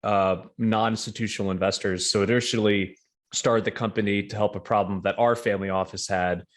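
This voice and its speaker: Man, low voice, middle-aged, interview guest, measured, confident, lots of fillers. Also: steady tone. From New York. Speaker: real estate investment guest. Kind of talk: casual interview talk.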